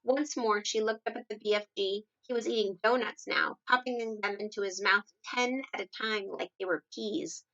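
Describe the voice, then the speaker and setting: A woman's voice: medium pitch, moderate pace, gravelly, hardly any pauses, lo-fi sound. Woman reading a children's story aloud. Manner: steady storytelling with lively character dialogue. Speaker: reader.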